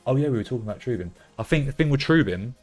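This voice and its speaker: A young British man chatting casually on a live stream, reacting loudly to results and bursting into cheers and swearing. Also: medium pitch, animated, rapid-fire, soft background music. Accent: British English. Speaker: streamer hosting a fantasy football stream. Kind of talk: casual live-stream chat, reading out chat messages.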